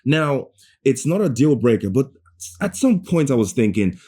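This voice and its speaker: A man giving a ranting, sarcastic movie review, animated and swearing, often stumbling and restarting mid-sentence. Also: mid-range voice, moderate pace, slightly rough. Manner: sarcastic, animated rant with profanity.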